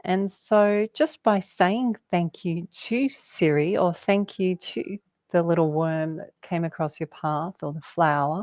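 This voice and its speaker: Low-voiced woman musing on spirit. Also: measured pace, darkish tone, no room sound. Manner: rambling, laughs often, word-associating. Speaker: guest. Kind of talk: spiritual casual chat.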